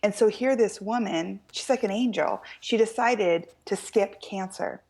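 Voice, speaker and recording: An American woman, middle-aged, telling a story as an author guest in an interview, lively and quoting people in animated voices. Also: mid-range voice, a little slow. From United States. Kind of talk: storytelling in a talk-show interview.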